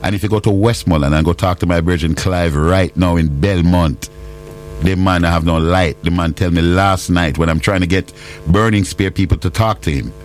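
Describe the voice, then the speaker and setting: A man with a Jamaican accent hosting a casual live talk, mixing patois storytelling with frequent laughter. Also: sits low. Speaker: host.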